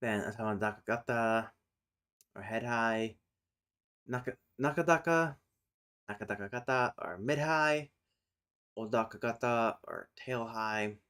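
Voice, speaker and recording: A man's voice: mid-range voice, clear, resonant tone. A man streaming live, chatting casually and thinking aloud as he explains language topics. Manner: thinks aloud, pauses and restarts, sudden loud calls to his cat. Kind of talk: casual livestream chat and explanation.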